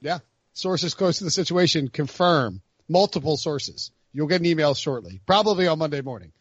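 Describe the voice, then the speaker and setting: Man hosting a sports podcast, higher voice. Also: lively intonation, moderate pace, breathy edge, no room sound, lo-fi sound. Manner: rambling, self-interrupting. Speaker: podcast host. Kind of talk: casual sports podcast chat.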